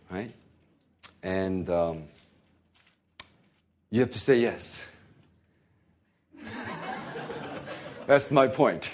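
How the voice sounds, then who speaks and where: A man preaching a sermon, telling an animated story with bursts of laughter. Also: sits low, slow pace, long pauses, a little hiss or hum. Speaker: pastor.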